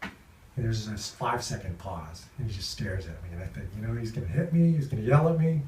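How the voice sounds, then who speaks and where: A man in an interview, telling stories from a film set with lively energy and acting out the people he quotes. His voice sits at an ordinary pitch. It sounds a bit distant, in a reverberant room. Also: fairly quick, a little hiss or hum. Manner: animated, acts out quoted voices. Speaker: actor interviewed. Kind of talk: anecdotal storytelling. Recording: roomy sound from off-mic.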